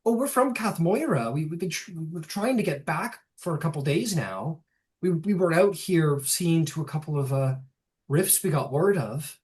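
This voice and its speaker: A game master voicing an older female elf druid who is bewildered and anxious, talking in halting, stammering restarts. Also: medium pitch, animated, a little mellow, lightly acted. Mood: worried. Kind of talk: tabletop role-play.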